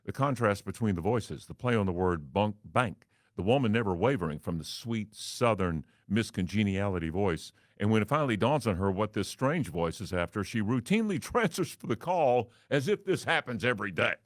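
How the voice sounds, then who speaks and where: Wry male host, baritone, theatrical storytelling, dry close sound. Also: animated, normal speed, hardly any pauses, dry recording. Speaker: radio and TV host. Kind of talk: storytelling monologue.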